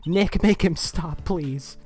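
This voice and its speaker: A man voicing an excitable young woman sidekick in a high, worried, pleading voice. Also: takes it slowly, soft background music.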